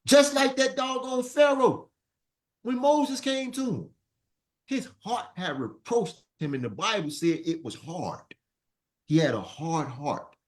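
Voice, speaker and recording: A man teaching a Sunday school lesson, preaching in an animated way and repeating phrases for his class to answer. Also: high-pitched, a little slow.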